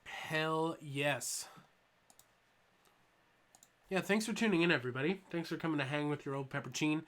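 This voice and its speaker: A young man hosts a live stream from home in a voice pitched a little high. He rambles in a loose, joking way and leans on ums while he answers chat. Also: normal speed, fairly bright tone. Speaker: toy channel host streaming live.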